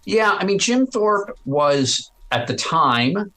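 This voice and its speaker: A man being interviewed about his podcast, talking in a chatty, animated way with frequent restarts. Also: sits high, slow pace, poor audio. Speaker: podcast host as guest. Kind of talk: casual interview chat.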